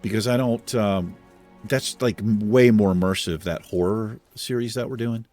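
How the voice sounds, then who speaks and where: A man's voice: lowish voice, moderate pace, darkish tone, faint music behind. A man hosting a video game let's play, giving laid-back commentary with casual swearing and chuckles. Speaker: host.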